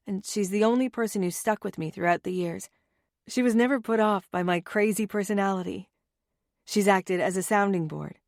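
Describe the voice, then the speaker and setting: A woman narrating a first-person romance audiobook in a lively, expressive storytelling manner. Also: mid-range voice, no echo, studio quality.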